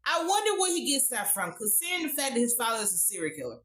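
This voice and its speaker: A woman gives a casual, profane recap of a TV episode, full of blunt asides and running commentary. Her voice is bright and forceful. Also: fairly high pitch, fast, low-quality recording. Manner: blunt, profane, animated storytelling with frequent asides. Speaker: TV show reviewer.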